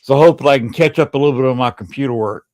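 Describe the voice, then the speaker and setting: A man hosting a podcast in casual chat, speaking in a relaxed, hesitant way as he reads out his upcoming guest list. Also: mid-range voice, racing. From American South. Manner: relaxed, hesitant, many uh fillers. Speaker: podcast host.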